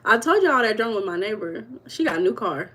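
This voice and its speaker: A woman's voice: mid-range voice, sing-song, fast talker, a bit bright. A woman hosting a casual livestream, chatting and gossiping with her viewers and reading their comments aloud. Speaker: livestream host.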